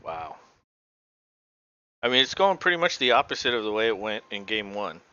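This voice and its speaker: A man's voice: on the low side, sing-song, moderate pace, pushed and bright, clean tone, no room sound. Man calling a game casually, lo-fi mic. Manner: casual, swearing, rambling with fillers. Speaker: podcast co-host. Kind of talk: casual live play-by-play commentary.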